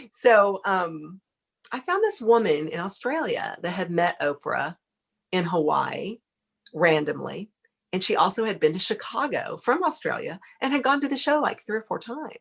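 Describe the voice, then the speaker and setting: A middle-aged woman with a Texan accent telling a lively story as a podcast guest, laughing often. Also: medium pitch, gravelly, husky. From Texas. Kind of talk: casual storytelling chat.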